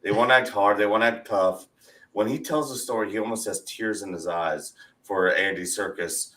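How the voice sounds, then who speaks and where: A man co-hosting a podcast in casual chat, joking and animated. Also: fairly low pitch, moderate pace, low-quality recording. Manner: joking, animated, laughs easily. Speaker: podcast co-host.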